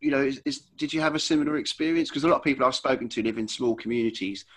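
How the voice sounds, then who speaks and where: Fast-talking English host. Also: male voice, mid-range voice. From England. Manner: rambling, hesitant questions. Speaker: podcast host. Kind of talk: casual interview.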